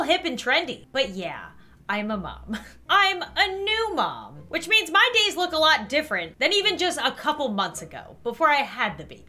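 Young woman gamer reacting to a creepy baby app, jokey, bright voice, high-ish. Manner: animated, joking, frequent laughter. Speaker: gaming YouTuber. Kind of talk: playing and reacting to a mobile game.

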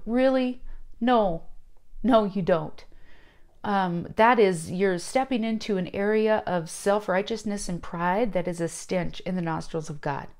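A woman teaching from the Bible in a relaxed, conversational sermon. She speaks with emphasis and slows right down for the scripture passages she reads out. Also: medium pitch.

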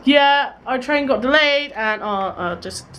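A woman's voice: high voice, lively intonation, unhurried, noisy background. A young woman from England chatting casually to camera in a travel vlog, giggly and swearing freely, filmed on a handheld camera. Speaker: vlogger. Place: train stations and a hotel room.

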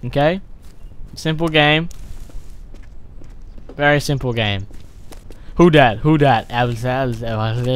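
A man giving loud, excitable, profane let's-play commentary while playing a survival horror game. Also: fairly high pitch, clear, resonant tone. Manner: excitable, profane, yelling reactions. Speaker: gaming channel host.

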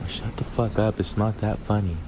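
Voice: low-pitched, steady tone, normal speed, very noisy, lightly acted. A man playing an irritable young boyfriend in a role-play clip, scornful, swearing and repeating himself. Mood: contemptuous.

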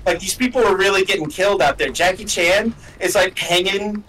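Bright-voiced young man gaming, off-mic. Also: high voice, a little fast, husky. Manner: rambling, filler-heavy, emphatic. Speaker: let's play co-host. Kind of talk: casual gaming chat. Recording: voice a bit far from the mic.

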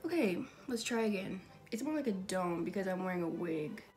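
A woman's voice: medium pitch, lively intonation, a little fast, a little mellow. A woman makeup YouTuber chatting casually and rambling in self-deprecating asides while she draws. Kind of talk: casual vlog chat while drawing. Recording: background music.

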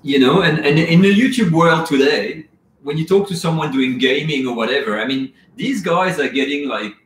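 A man's voice: a little high, normal speed, roomy sound, a little hiss or hum. Rambling man hosting a live chat. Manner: casual, rambling, reads chat comments aloud. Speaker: cooking channel host.

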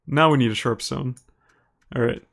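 A man's voice: mid-range voice, vocal fry. Chatty Upper Midwest American man streaming. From Minnesota, United States. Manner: relaxed and chatty, laughs easily, talks to viewers by name. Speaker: live streamer. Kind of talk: live gameplay commentary, reading chat aloud.

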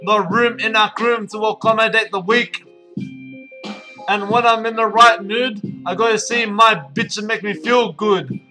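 Brash young street tough rapping in a put-on Arabic accent, high and bright, voiced by a man, swaggering over faint guitar. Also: steady tone, a little slow, exaggerated voice. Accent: put-on Arabic-accented English. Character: boastful young male Western Sydney street tough. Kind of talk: comic parody rap over guitar.

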